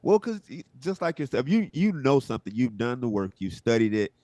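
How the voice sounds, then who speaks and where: A man's voice: mid-range voice, fairly quick, no room sound. A man from Southwest Florida, a comedian guest on a talk show, chatting casually and acting out little quoted exchanges. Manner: relaxed, rambling, acts out quotes. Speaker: guest, social media comedian. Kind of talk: casual interview chat.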